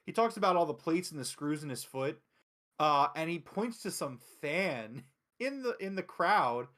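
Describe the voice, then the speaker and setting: A man hosting a wrestling review show in casual chat, excitable and profane, retelling events with quick acted quotes. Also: on the high side.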